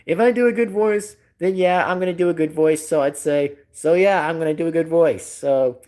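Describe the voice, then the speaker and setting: A woman's voice: sits low, normal speed, warm tone. A woman streamer chatting casually on a livestream, rambling and repeating herself, often laughing.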